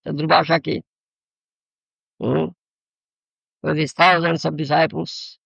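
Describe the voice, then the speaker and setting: An older spiritual teacher from Odisha, India gives a sermon with an Odia accent in a fairly high, gravelly, husky voice that is fairly bright yet flat and slow. He keeps checking "you understand?" and explains terms. The dull lo-fi archive recording has no room sound.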